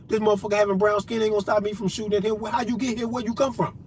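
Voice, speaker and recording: This vlogger delivers an unscripted rant, heated and confrontational, swearing and addressing listeners directly. His voice sits high and sounds a little mellow, yet his delivery is flat and racing. There's a slight hiss or hum in the recording.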